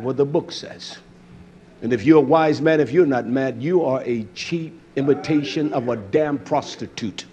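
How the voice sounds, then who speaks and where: A man preaching a fiery, scolding sermon that rises at times to shouting. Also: mid-range voice, muffled recording.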